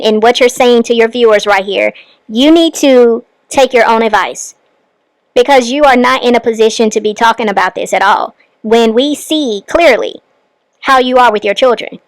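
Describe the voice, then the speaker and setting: A woman's voice: a little high, moderate pace, no echo, rough recording. A woman hosting a reaction commentary, scolding the person on screen with pointed rhetorical questions. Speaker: commentary channel host.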